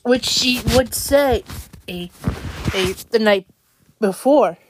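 A young woman venting in an upset, halting way, often restarting her sentences. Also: a little high, background noise. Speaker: vlogger. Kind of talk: venting monologue.

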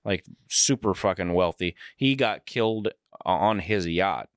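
A man's voice: deep voice, a little slow, no room sound, studio quality. A man co-hosting a podcast in casual chat, rambling and swearing. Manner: profane, rambling. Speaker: podcast co-host.

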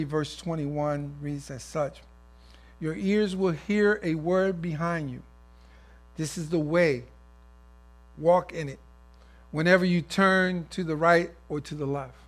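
A man preaching a sermon, acting out everyday scenes in different voices. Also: fairly high pitch.

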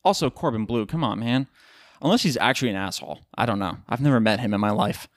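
A man's voice: medium pitch, animated, quick pace, dry recording, clean studio sound. A tired man hosting his own podcast, rambling loosely through casual chat and swearing now and then. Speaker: podcast host.

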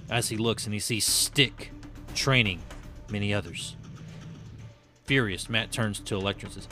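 A low-voiced man hosts a podcast and narrates a comic book aloud. His delivery is even and steady. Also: moderate pace, pauses often, soft background music.

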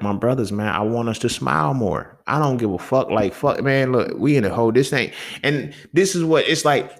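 A young man hosting a casual solo podcast, talking in a heated, profane, conversational way and often checking in with the listener. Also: medium pitch. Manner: profane, heated, conversational, keeps asking "you feel me". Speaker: podcast host.

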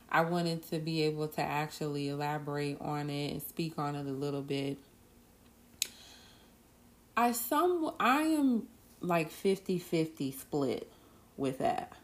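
Low-voiced woman hosting a podcast. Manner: earnest, drawn-out pauses, bursts of laughter. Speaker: podcast host. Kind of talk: casual solo podcast talk.

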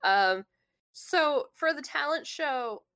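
A woman's voice: sits high, animated, slow pace, a bit bright. A woman in casual conversation, telling a long story with many fillers and restarts. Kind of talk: casual chat.

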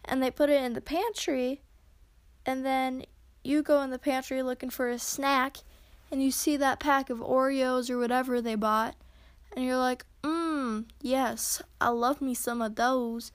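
High-voiced exasperated young woman host. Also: flat delivery, normal speed, smooth, no room sound. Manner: exasperated storytelling with acted-out quotes. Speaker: podcast host. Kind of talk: solo casual podcast monologue.

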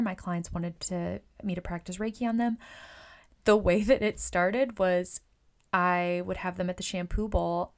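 A woman's voice: fairly low pitch, vocal fry. A woman who works as a hairstylist and Reiki practitioner, casually coaching fellow stylists and acting out client chats. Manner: chatty, often acts out client conversations; repeats words and uses fillers.

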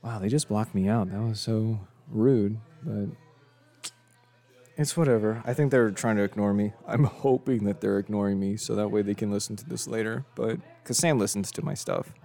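Faint music sits behind this young podcast host of Mexican descent as he rambles through a casual solo episode, tired from lack of sleep and poking fun at himself. He speaks at a normal speed in a fairly low, gravelly voice with a dark tone.

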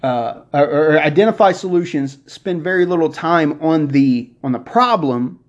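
A man hosting a motivational podcast, preaching excitedly and working himself up as he talks. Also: on the high side, normal speed. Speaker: podcast host. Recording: dull lo-fi recording.

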